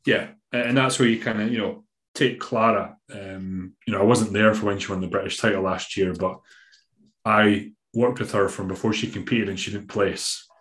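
A man's voice: lowish voice, steady tone, normal speed, a bit bright, echoey room. A Scottish man, a bodybuilding coach, talking in a rambling, emphatic way in a casual podcast interview, now and then swearing. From Scotland.

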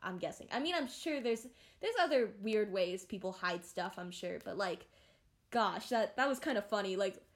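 A young woman chats on her own podcast in a loose, rambling way. She restarts sentences and fills pauses constantly, her voice sitting at an ordinary middle pitch. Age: young adult. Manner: rambling and animated, many fillers and restarts. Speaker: podcast host. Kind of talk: casual solo podcast chat.

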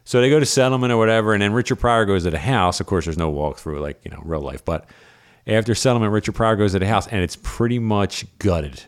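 Lower-voiced man telling stories animatedly. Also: fast. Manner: animated storyteller who laughs at his own anecdotes. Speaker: podcast co-host, real estate agent. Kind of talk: casual chat.

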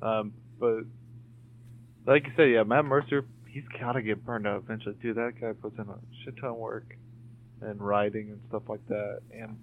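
A man's voice: fairly low pitch, fairly even intonation, normal speed. A man co-hosting a podcast, chatting casually and rambling with lots of fillers and the odd swear. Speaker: podcast co-host. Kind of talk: casual chat. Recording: tinny phone-like call audio.

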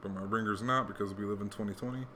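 Animated slangy man in casual chat. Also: on the low side, fast talker, a little hiss or hum. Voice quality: animated, slangy, acts out quotes. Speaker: podcast co-host.

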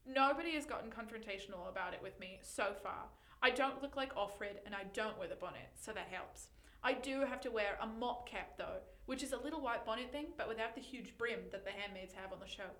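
A young woman co-hosting a podcast in casual chat, animated and giggly, often reading posts aloud. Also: on the high side, a little fast, reverberant. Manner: giggly, animated, breaks into loud laughter. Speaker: podcast co-host.

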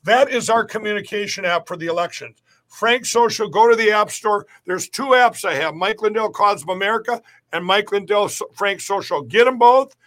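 A man's voice: sits high, normal speed, fairly bright tone. A middle-aged man talking as a guest in a podcast interview, rambling and emphatic, often restarting his sentences.

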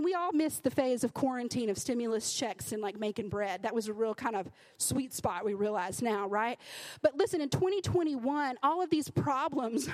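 A young adult woman preaching a sermon to a live congregation, conversational and emphatic, with many "right?" asides. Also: high-pitched.

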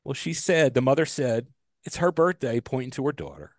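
A male podcast co-host tells stories in a loose, animated way, his pitch ranging widely and leaping up when he gets exasperated. He swears freely. The sound is dry and close. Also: brisk, no echo. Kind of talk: casual chat.

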